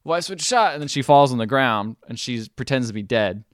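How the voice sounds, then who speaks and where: A man's voice: mid-range voice, a little fast, clear, resonant tone, no room sound. Guy rambling thru a movie recap, keeps restarting himself, dry close sound. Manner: rambling, self-correcting storyteller acting out scenes. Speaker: podcast host. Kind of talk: casual chat recapping a movie.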